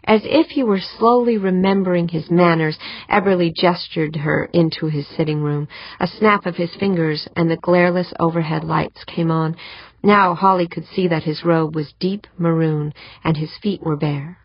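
A woman narrates a novel in a low, husky voice with steady, even pacing. The recording is dry and dull, close to the mic with no room sound. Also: moderate pace, dry recording. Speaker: audiobook narrator. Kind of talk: scripted narration. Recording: dull muffled audiobook recording.

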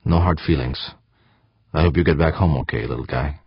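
Male narrator voicing a wry, casual astronaut adrift; very low and husky, muffled dry recording. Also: brisk, no echo. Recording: dry, slightly dull lo-fi sound.

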